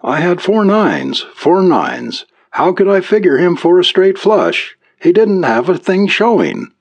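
A man's voice: high-pitched, very animated, measured pace, no room sound, pitched above the performer's own voice, full character voice. A man voicing a distraught young man who has lost money gambling, anguished and disbelieving.

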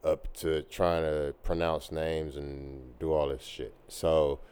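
A man's voice: rumbling low, level tone, slow, warm tone, clean tone. A man hosting a podcast, talking casually between tracks in loose, slangy hype talk. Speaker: podcast host.

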